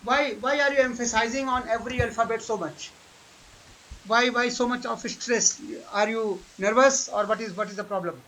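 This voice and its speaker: A man teaching German pronunciation online, correcting a student and repeating words slowly. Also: very high voice, pushed and bright, a little hiss or hum, rough recording. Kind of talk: online language lesson.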